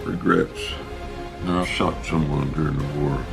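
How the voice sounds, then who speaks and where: A gravelly old war veteran. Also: male voice, a bass voice, steady tone, full character voice. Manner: slow, gravelly confession. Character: aging male war veteran, grave and haunted. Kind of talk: film trailer dialogue. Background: trailer music.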